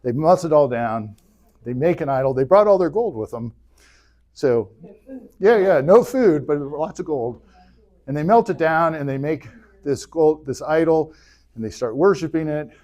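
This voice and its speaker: A man teaching an adult church class, retelling scripture in a casual, joking way with quick bursts of character voices. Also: fairly high pitch, animated, darkish tone. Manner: jokey retelling, voices biblical figures in bursts. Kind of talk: casual Bible history lecture.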